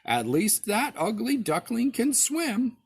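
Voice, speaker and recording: A proud mother duck from a storybook, scolding her ducklings about manners, as a man puts her on. The voice is pitched high, husky and slow, and swings up and down a lot. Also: very animated, full character voice. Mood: pleased.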